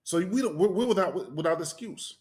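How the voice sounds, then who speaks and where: A man's voice: high voice, lively intonation, brisk, darkish tone. A man preaching with rhetorical questions, pressing his listeners with "right?". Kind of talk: sermon.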